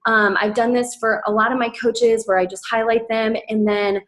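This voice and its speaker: A woman with a slightly high voice talks her team through her methods in a relaxed, chatty presentation. She is upbeat, trips over restarts and fillers, and jumps up into a bright excited voice whenever she quotes someone. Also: moderate pace. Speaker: team coach sharing recruiting tips.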